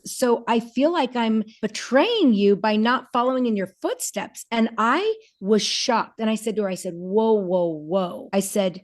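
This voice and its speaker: A woman in her forties, appearing as a podcast guest, speaks candidly and earnestly about personal matters. Her medium-pitched voice is a little mellow, and she halts and restarts often, acting out the voices of the people she quotes.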